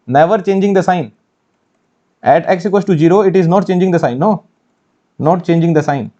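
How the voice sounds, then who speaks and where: In this muffled recording, a warm, high-sitting male voice with an Indian English accent moves at a moderate pace through engineering mathematics for an exam course. It's an online exam-prep lecture where he asks and answers his own questions and repeats important phrases.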